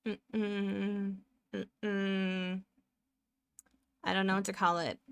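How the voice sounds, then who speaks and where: A woman's voice: medium pitch, flat delivery, very slow, vocal fry, smooth, dry recording. A woman live streaming as she draws, chatting casually and rambling as she narrates her work and often laughs. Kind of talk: casual chat while drawing live.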